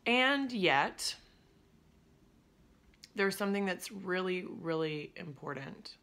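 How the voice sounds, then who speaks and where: Upbeat woman coach, crisp bright tone, a little low-pitched, chatty and quick to laugh. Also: animated. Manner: upbeat and chatty, laughs easily, drops to near whispers. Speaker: business coach. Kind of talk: casual direct-to-camera coaching talk.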